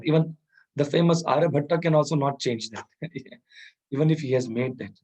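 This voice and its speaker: Husky man teaching soft skills. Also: fairly high pitch, rough recording. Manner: chuckles often, Hindi words mixed into English. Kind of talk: informal lecture with storytelling.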